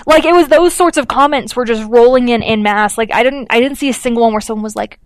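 A woman's voice: a little high, quick pace, hardly any pauses, no room sound. A woman co-hosting a podcast, telling a story in a chatty way with lots of fillers and acted-out quotes. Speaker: podcast co-host. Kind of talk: casual chat.

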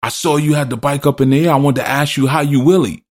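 A man's voice: a little high, steady tone, quick pace, a little mellow, pitched above the performer's own voice, close to an everyday voice. A man doing an eager clueless biker guy. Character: reckless young male biker, eager and clueless.

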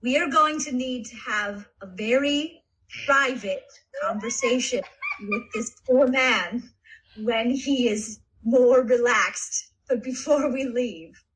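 Woman, tabletop player, chatty, a bit high. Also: takes it slowly, fairly bright tone, low-quality recording. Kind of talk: tabletop game play.

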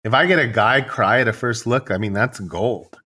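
A man's voice: medium pitch, moderate pace, slightly rough. A man, a wedding photographer, chatting casually and rambling through stories, acting out what he tells his couples. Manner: relaxed, rambling storyteller who acts out his own dialogue. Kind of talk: casual podcast conversation.

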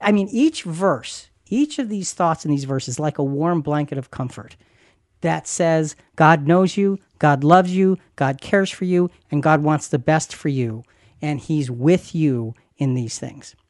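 A man's voice: on the high side, unhurried, a little mellow, no echo, clean studio sound. A man who is a pastor and podcast host, talking earnestly and reassuringly about faith, repeating phrases for emphasis. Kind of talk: conversational Christian podcast teaching.

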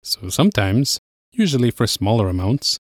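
A man hosting an audio language lesson, explaining words in a clear, steady way and slowing down on key phrases. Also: medium pitch, dry recording, clean studio sound.

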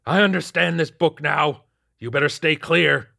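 A vicious, bitter old man , as a male narrator puts him on, barking and raving in a high, strained, loud voice with a different timbre from the storyteller's own. Heard in a close, dry audiobook recording. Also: moderate pace, vocal fry, dry recording, exaggerated voice. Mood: ranting. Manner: shouting, ranting.

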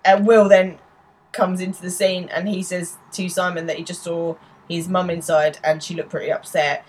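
Speaking at normal speed with a flat delivery, this podcast co-host has a low-ish, darkish woman's voice. Her casual recap of a TV episode runs through its scenes and quotes their lines, punctuated by frequent laughter.

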